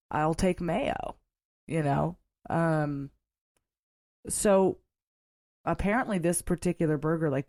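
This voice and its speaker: A woman's voice: sits low, a little mellow, no echo, clean studio sound. A woman in her thirties hosting a podcast, telling rambling stories in a chatty way and laughing often. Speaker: podcast host. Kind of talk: casual solo storytelling.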